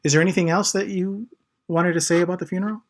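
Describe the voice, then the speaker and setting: Show host, mid-pitched voice, emphatic commentary, casual chat. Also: steady tone, quick pace. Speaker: channel host.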